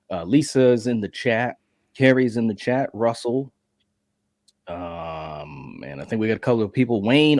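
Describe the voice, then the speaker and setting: A man's voice: on the low side, no room sound, studio quality. A man hosting a casual horror podcast, laid-back and chatty, with many fillers and friendly asides. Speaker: podcast host.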